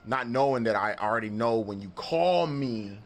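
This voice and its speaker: Speaking at a normal speed with a medium-pitched voice, a man who makes beats and vlogs from the studio recounts a story on camera. The telling is lively and full of profanity, with frequent laughter and acted-out dialogue.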